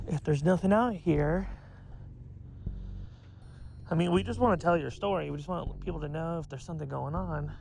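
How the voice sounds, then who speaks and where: A young man hosting a ghost-hunting vlog, calling out to spirits in a hushed, nervous way outdoors at night by a bridge in the woods. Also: fairly high pitch, moderate pace, gravelly, pauses often, slight background noise. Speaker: paranormal investigator and host.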